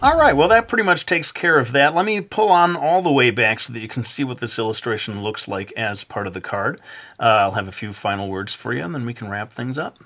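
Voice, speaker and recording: A man narrating a drawing tutorial in a relaxed, chatty way, with many filler sounds and some self-deprecating asides. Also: mid-range voice, fairly quick, soft background music. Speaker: drawing instructor.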